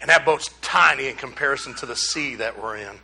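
A man's voice: mid-range voice, fairly quick, gravelly, bright, forceful tone, slightly rough. A man preaching a casual sermon, rambling and conversational with folksy asides to the congregation. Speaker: pastor.

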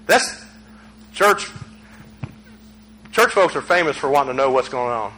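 A male pastor, preaching a sermon in a conversational way that climbs to shouts. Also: mid-range voice, lively intonation, measured pace, long pauses, poor audio.

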